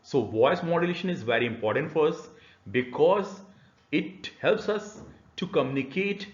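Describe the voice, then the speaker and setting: A man's voice: a little high, lively intonation, normal speed. A man giving a recorded university e-learning lecture, explaining patiently with many "uh" fillers. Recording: roomy, slightly dull lecture recording.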